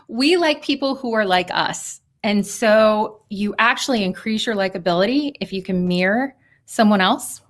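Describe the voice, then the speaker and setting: A woman giving a lively workshop talk over a video call, coaching and laughing often. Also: on the high side. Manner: talks of thousands of hours on video calls. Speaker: speaker on persuasion.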